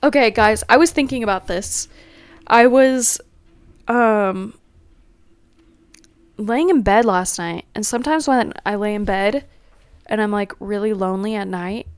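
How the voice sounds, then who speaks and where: A woman's voice: mid-range voice, measured pace, pauses often, clean tone, no echo. A young woman rambling in a casual, self-deprecating solo chat at home. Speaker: podcast host.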